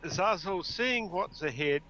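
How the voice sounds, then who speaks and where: A man's voice: high-pitched, expressive, slow, pushed and bright, slight background noise. A man playing in a tabletop game, thinking aloud in a hesitant, casual way. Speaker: player. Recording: dull lo-fi audio.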